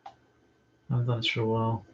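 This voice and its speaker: A man's voice: fairly low pitch, monotone, fast talker, slight background noise. A man chatting casually on a live stream from home, rambling and hesitant with many ums. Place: at home indoors. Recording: slightly muffled lo-fi stream audio.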